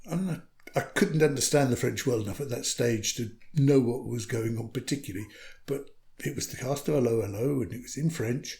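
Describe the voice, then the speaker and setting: A man's voice: mid-range voice, fairly quick, hardly any pauses, a little mellow. Male storyteller from the UK, casual interview guest, anecdotal and wry. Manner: chatty, anecdotal, dry humour. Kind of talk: casual conversation.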